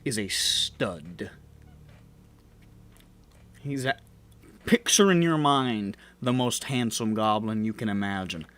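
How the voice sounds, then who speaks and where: A man's voice: on the low side, animated, slow pace, pauses often, a bit bright. A man narrating a tabletop game as game master, casual and profane with frequent laughs.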